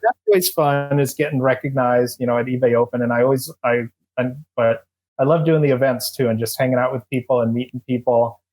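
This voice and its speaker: A man's voice: medium pitch, fairly even intonation, fairly quick, a little mellow. A middle-aged man, a former eBay employee, telling stories as a podcast guest in a loose, rambling way with lots of fillers and restarts. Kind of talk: casual interview storytelling.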